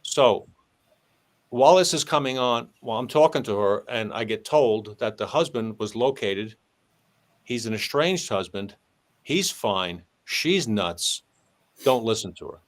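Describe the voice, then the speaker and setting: A man with a medium-pitched voice speaks a little slowly as he tells a long conversational story. Once a police sergeant, he animatedly voices the story's characters, altering his tone to act out their dialogue.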